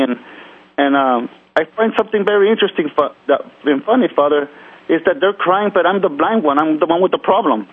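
A man's voice: fairly high pitch, fairly quick, slightly rough. A man telling his life story in an earnest, reflective talk, often restarting his sentences. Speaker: guest author. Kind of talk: reflective conversation about personal growth. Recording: tinny phone-like radio audio.

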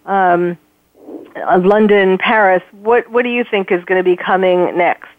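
Interview host: mid-pitched, steers with short questions, dry tinny phone-line sound. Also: fairly even intonation, a little slow, no echo. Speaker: radio host. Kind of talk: radio interview.

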